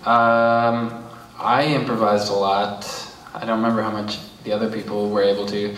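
A man, an actor, answering questions haltingly with self-deprecating remarks. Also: on the low side, level tone, a bit bright, a little hiss or hum. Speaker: actor in the film. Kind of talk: live Q&A answers. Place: cinema hall after a screening. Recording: roomy, distant mic, faint ambience.

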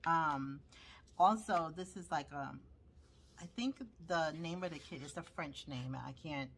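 Chatty Brooklyn woman, deep voice, casual crafting vlog, light background noise. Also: unhurried. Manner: chatty, rambling with many fillers. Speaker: crafter showing handmade journals. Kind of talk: casual show-and-tell.

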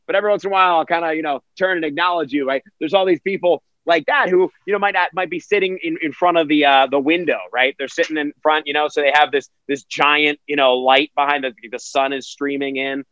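A man's voice: a little high, steady tone, fast talker, few pauses, fairly bright tone, no room sound, lo-fi sound. A man who works as a virtual event host, answering interview questions energetically and acting out quotes in other voices.

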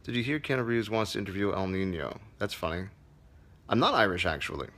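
A man's voice: on the low side, expressive, brisk, fairly bright tone. Casual, profane male comedy teacher. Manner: reads viewer comments aloud, loose and profane. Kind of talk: casual livestream Q&A.

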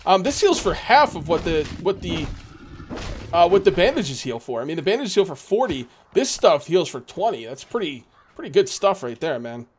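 A man's voice: sits high, very animated, moderate pace, a little hiss or hum. A man hosting a let's play, talking through his gameplay in a rambling, casual way with lots of fillers. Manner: rambling, filler-heavy, chatty.

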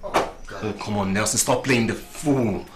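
An actor playing an exasperated young friend who scolds. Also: male voice, lowish voice, moderate pace, reverberant, noisy background, natural voice. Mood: scolding.

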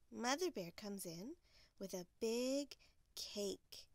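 A woman narrating a bedtime story in a soft, measured way. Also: medium pitch, vocal fry, dry recording.

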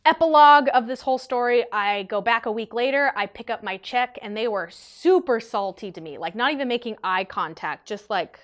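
A woman in her twenties telling an animated, chatty storytime vlog to her viewers. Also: a little high, a little fast, hardly any pauses. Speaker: vlogger.

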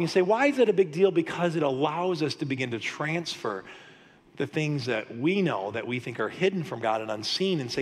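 A pastor preaching a lively, story-filled sermon, often laughing. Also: male voice, a little high, moderate pace. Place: church sanctuary. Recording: long hall reverb.

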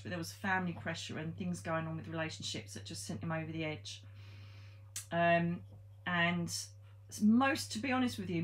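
A woman, a psychic medium telling a ghost story in a chatty, blunt way, with frank swearing and many ums. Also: lowish voice. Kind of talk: casual storytelling monologue.

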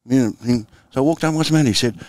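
A man's voice: mid-range voice, racing, a little mellow, no echo, studio quality. An Australian man in his sixties, a former footballer and coach, telling anecdotes in a laid-back, chuckling interview style. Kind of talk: storytelling interview.

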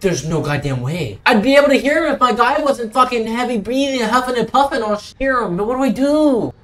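A young man commentating a horror game he is playing, swearing and swinging between hushed muttering and frantic outbursts. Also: extremely high pitch, animated, a little fast. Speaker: gaming channel host.

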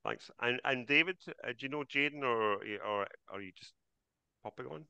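A man's voice: mid-range voice, normal speed, creaky, bright, forceful tone, smooth, no echo, dull audio. A man hosting a live online trading class over a video call, chatty and greeting each attendee by name.

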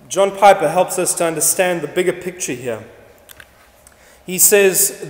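High-voiced preacher in an echoing church. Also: male voice. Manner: emphatic repetition, rhetorical questions. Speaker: pastor. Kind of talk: sermon. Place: church sanctuary. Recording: echoey church hall reverb.

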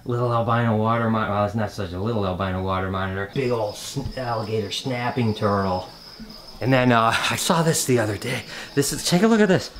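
Man, middle-aged, casual vlog host, chatty, excitable, noise audible behind. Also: on the low side, quick pace. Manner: chatty and excitable, addresses viewers as guys. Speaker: vlogger host. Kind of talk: casual vlog talk to camera.

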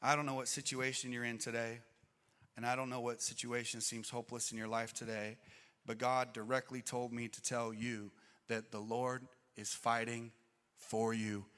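A middle-aged man preaching a sermon as pastor, swinging between loud outbursts and hushed, slow passages. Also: mid-range voice, flat delivery. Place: church auditorium. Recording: long reverb of a church hall.

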